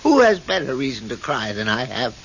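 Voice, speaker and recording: An actor playing a self-pitying, theatrical gentleman in an old radio drama, speaking in a melodramatic way. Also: mid-range voice, big pitch swings, brisk. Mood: wistful. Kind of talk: 1970s radio drama acting. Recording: muffled old radio broadcast, faint hiss.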